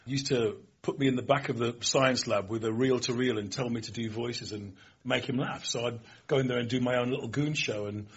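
A man's voice: medium pitch, fairly quick, hardly any pauses, husky. A man interviewing a guest in a jokey casual chat, chipping in with banter. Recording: muffled lo-fi sound.

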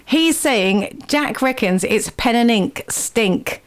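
A woman's voice: fairly high pitch, animated, slow. Playful woman hosting a radio show. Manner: playful, teasing, quizzes her guests. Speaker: radio host. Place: radio studio.

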